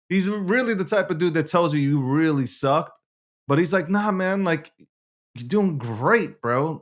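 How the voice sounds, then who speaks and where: A man hosting his own show alone, talking brashly with lots of swearing, swinging from low muttering to loud ranting. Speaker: show host. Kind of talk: animated solo monologue.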